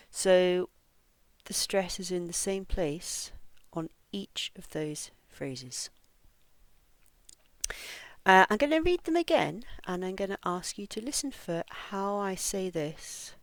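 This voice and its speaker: In an online lesson, a woman teaches English pronunciation, explaining each point and reading model phrases with slow, careful, over-articulated stress. Her lowish voice is expressive, and the recording is dry.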